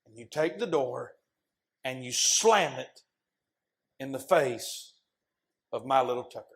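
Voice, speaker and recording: A man preaching a sermon as an impassioned storyteller who often shouts. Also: medium pitch, expressive, measured pace.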